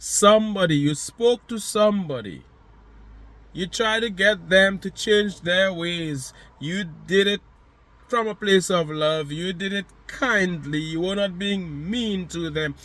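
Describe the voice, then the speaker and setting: A man's voice: high voice, takes it slowly, a bit bright. A man giving a motivational monologue, speaking to the listener directly with emphatic, repeated phrases.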